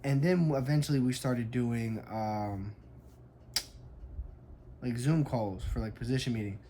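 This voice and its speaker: A man's voice: medium pitch, unhurried, warm tone, a little hiss or hum. A young adult man, a fitness coach, tells a story in a casual vlog, emphatic and frank, with lots of "like".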